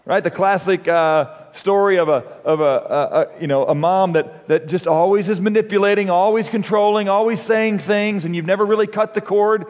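A man giving a sermon-like talk on marriage and parenting, conversational and halting, with frequent restarts and "you know.". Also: high voice, a little mellow. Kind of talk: sermon-like talk with anecdotes and quotes. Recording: dull recording with long hall reverb.

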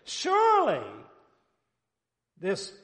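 A man voicing a proud, offended army commander who talks loud and self-important. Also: fairly high pitch, moderate pace, natural voice. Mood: boastful. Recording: long hall reverb.

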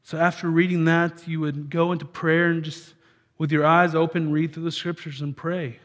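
A man's voice: on the high side, level tone, normal speed. A man preaching a sermon as a church pastor, talking in a conversational way with frequent restarts.

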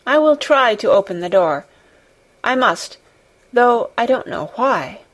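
A woman reading as a brooding middle-aged gentleman from a storybook who speaks quietly and earnestly. He halts over his words and carries a troubled weight. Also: on the high side, very animated, a little slow.

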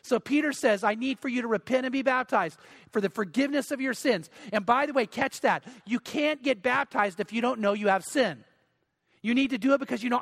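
Male pastor, high voice, earnest sermon delivery with pleading repetitions. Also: fairly bright tone. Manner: earnest, pleading, repeats words for emphasis.

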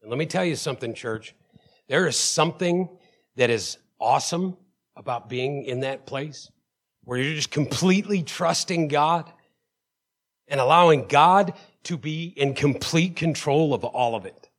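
A man's voice: a little high, measured pace. A man preaching a sermon as pastor. He tells personal stories with emphatic call-outs to the congregation and often stammers and repeats words.

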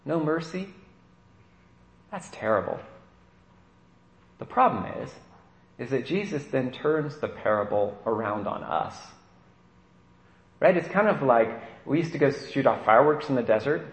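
A man's voice: mid-range voice, very animated, moderate pace. A man, a priest, giving a conversational sermon and often checking in with "right?". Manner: conversational preaching with frequent "right?" asides. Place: church. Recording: echoey church room.

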